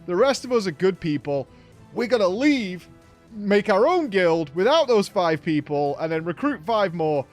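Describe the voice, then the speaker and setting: A man's voice: high voice, sing-song, normal speed, faint music behind. A man hosting a casual gaming recap, telling the story with laughs and acted-out quotes. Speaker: gaming streamer host.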